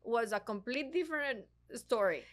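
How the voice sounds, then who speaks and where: Animated woman storyteller. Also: fairly high pitch, normal speed. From Ecuador. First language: Spanish. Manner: animated storyteller with frequent restarts. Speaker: parent guest. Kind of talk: casual conversation.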